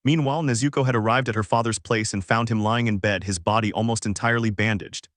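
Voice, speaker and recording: A man narrating fan fiction in scripted narration with a flat, even reading voice on a close, dry mic. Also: fairly low pitch, fast, no room sound. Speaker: fanfic narrator.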